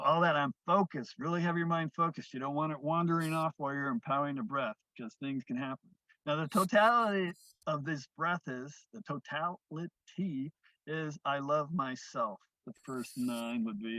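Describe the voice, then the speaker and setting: Man guiding slow, soothing breathwork. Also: on the high side, dry recording. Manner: slow, soothing guidance, trailing off softly. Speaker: breathwork teacher. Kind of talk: guided breathing instruction. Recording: dull, lo-fi dry sound.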